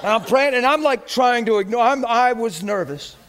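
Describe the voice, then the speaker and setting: A man preaching a sermon, telling animated stories and acting out scenes, breaking into laughter, shouts and whispers. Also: very high voice, normal speed, background noise. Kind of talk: storytelling sermon.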